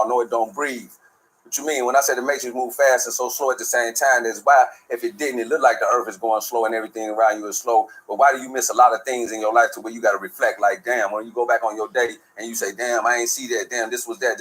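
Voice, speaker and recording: Male host, AAVE, rapid profane spiritual rant, mid-pitched voice. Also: fairly bright tone, rough recording. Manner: streetwise, profane, preachy storytelling. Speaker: show host. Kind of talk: casual spiritual monologue.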